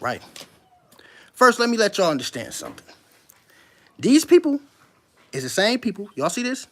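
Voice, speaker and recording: This is a commentator holding forth to an online audience in a casual, unscripted monologue. The pitch swings widely, rising sharply on repeated challenges to the listener and sinking low when reading passages aloud at a slow, deliberate pace. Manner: emphatic, keeps firing rhetorical questions at listeners; reads passages aloud slowly, then comments.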